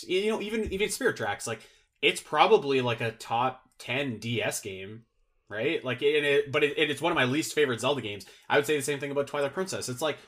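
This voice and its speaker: A man's voice: medium pitch, fairly bright tone. A man chatting casually as a podcast guest, rambling and filling his sentences with "like" and restarts. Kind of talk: casual chat.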